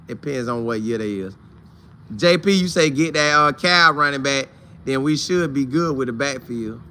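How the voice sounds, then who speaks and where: A man hosts a loose, chatty live show, reading out viewers' comments and greeting them one by one. His voice sits a bit high and rings very bright. He leans on repetition, saying a line twice to drive it home. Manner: greets viewers by name, repeats phrases for emphasis. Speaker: host of a college football fan show.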